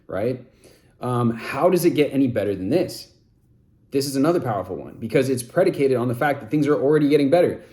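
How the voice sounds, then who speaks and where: A young man giving an energetic, enthusiastic motivational talk as a self-help coach, repeating phrases as he builds momentum. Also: mid-range voice, fast.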